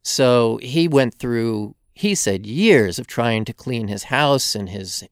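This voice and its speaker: A man who is a guest author, telling stories in a halting way full of fillers. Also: mid-range voice, animated, clean tone, no room sound, clean studio sound. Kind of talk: casual interview storytelling.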